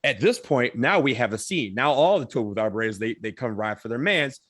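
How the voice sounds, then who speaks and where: A man co-hosting a podcast, telling a story in an animated, casual way and swearing now and then. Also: mid-range voice, fairly quick, no room sound, studio quality. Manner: animated, swears, acts out others' lines. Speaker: podcast co-host.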